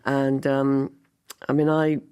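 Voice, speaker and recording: An older woman, a guest actress on a podcast, telling animated stories with frequent laughter. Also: very deep voice, slow, clean tone. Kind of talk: podcast interview.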